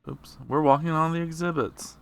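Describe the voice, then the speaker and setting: A man's voice: a little high, steady tone, moderate pace, gravelly, clean tone, no room sound, faint music behind. A man streaming a game live, rambling along in a laid-back way. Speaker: gamer streamer. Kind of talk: live let's play commentary.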